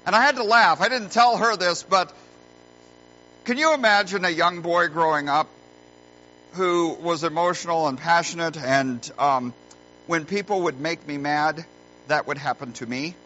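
A middle-aged man preaching a sermon as a pastor, earnest and folksy, telling stories with deliberate pauses, recorded in a church. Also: fairly high pitch, bright, forceful tone. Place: church sanctuary. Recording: muffled lo-fi recording with faint hum.

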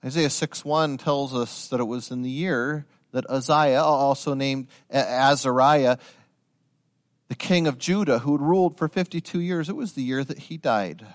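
A man preaching a sermon, swinging from quiet explanation to loud, rising dramatic passages and talking to his listeners directly. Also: mid-range voice, moderate pace. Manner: addresses listeners as guys.

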